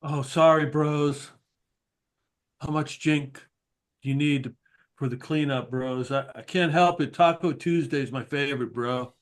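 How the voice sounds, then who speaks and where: A man's voice: a little high, fairly even intonation, a little slow, close to an everyday voice. A man voicing a laid-back adult male adventurer who calls everyone bro, in an easygoing, sheepish drawl. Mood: sheepish, breezy.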